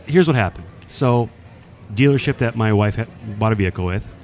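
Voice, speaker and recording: Low-voiced man telling a story. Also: fairly quick, soft background music. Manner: animated storyteller, acts out quoted voices. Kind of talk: casual storytelling chat.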